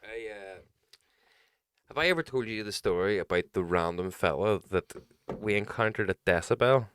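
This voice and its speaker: A young man, a podcast co-host, telling a sweary, animated story in casual chat. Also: lowish voice, moderate pace, clean tone, dry recording, clean studio sound.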